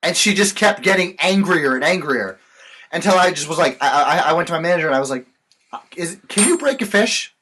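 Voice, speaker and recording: A man's voice: fairly high pitch, lively intonation, brisk, sharp tone, slight background noise, rough recording. A young man co-hosting a podcast, telling work stories in a casual, profane, ranting way. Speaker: podcast co-host. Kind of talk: casual chat.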